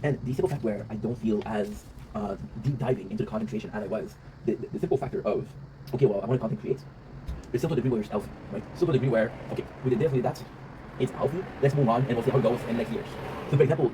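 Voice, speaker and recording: Rapid-talking man, rambling vlog monologue. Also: mid-range voice. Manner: rambling, reflective, swears freely, often tags "right?". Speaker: vlog host. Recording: noisy ambient background.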